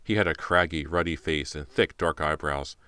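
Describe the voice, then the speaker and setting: A male audiobook narrator reads a thriller in a tense, dramatic way. His voice is exceptionally deep, and the recording is dry and close to the mic. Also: fairly even intonation, moderate pace, sharp tone, smooth, no echo. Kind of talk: scripted narration.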